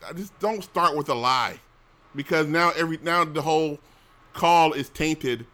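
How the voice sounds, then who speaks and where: A man's voice: on the high side, bright, forceful tone. A middle-aged man hosting a casual chat show, complaining bluntly and profanely, with frequent restarts. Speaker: show host.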